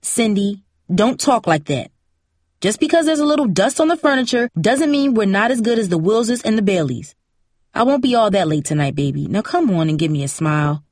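A woman's voice: medium pitch, expressive, a little fast, darkish tone, no echo, studio quality, close to an everyday voice. A woman voicing an easygoing single mother who soothes her daughter casually. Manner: soothing, casual, endearing "baby".

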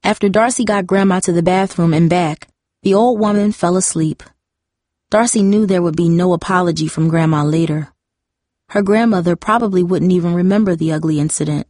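A woman narrating a novel chapter in a calm, measured storytelling voice. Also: fairly low pitch, no echo, clean studio sound. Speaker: audiobook narrator.

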